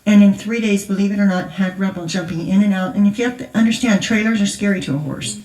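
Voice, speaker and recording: A woman's voice: medium pitch, fast talker, dark tone. An older woman, a grandmother, speaking at a conference in a chatty, laughing storytelling manner. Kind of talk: storytelling testimony. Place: large church hall. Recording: echoey hall, voice from far off.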